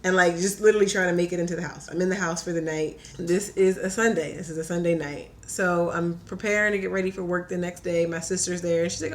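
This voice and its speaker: A young woman tells a story in easy, casual talk. Her voice sits a little low for a woman. She keeps it lively and fills it with "like", slipping into the voices of her own quotes. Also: fast, hardly any pauses. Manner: animated, says "like" a lot, acts out her own quotes. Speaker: podcast guest.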